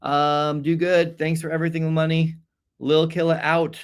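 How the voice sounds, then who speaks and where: A fairly high-voiced man runs a loose live-stream review session. He talks casually, reels off long lists of names for shout-outs, and trips over hard names with quick apologies. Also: monotone, clean tone. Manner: chatty, rattling off viewer shout-outs. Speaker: AP exam review host.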